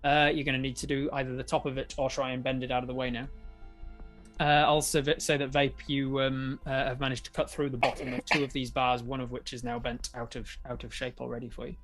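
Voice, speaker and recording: A man's voice: medium pitch, level tone, fast, a bit bright, soft background music. A man with an Australian accent running a tabletop game as dungeon master, narrating with frequent laughs. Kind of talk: game narration for a live stream.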